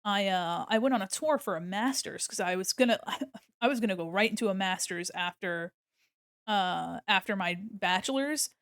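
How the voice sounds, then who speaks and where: A woman's voice: medium pitch, moderate pace, fairly bright tone, no room sound, clean studio sound. A young woman streaming while she draws, chatting casually, rambling, laughing often and swearing freely. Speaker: art streamer. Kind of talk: casual live-stream chat while drawing.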